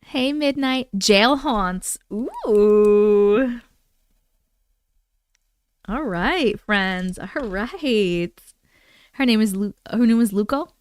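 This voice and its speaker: A woman's voice: mid-range voice, lively intonation, very slow, long pauses, clear, resonant tone, no room sound. A woman hosting a live stream, casually chatting with viewers, reading their comments aloud and cooing at her cats. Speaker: livestream host.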